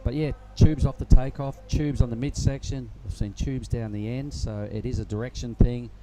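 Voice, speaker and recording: A man commentating live surfing in a relaxed, rambling way. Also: mid-range voice, normal speed, background noise. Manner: relaxed, rambling, many fillers. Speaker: surf commentator.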